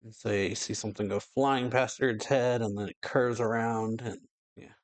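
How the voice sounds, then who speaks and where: A man's voice: mid-range voice, steady tone, normal speed. A man hosting a reaction video, casually reading out a comic chapter and rambling with fillers. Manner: loose, rambling, many fillers like "yeah" and "like". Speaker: anime reaction host.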